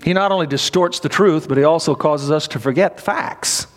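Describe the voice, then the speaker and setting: High-voiced man preaching in a reverberant hall. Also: brisk. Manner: emphatic preaching with repeated phrases and audience prompts. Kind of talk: sermon. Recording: long reverb of a large hall.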